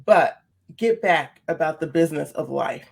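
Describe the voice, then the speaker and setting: A woman on a podcast, earnestly telling a personal story, her voice leaping up in pitch when she gets animated. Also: moderate pace, vocal fry. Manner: earnest, repeats phrases for emphasis. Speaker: podcast guest, speaker on seizing the day.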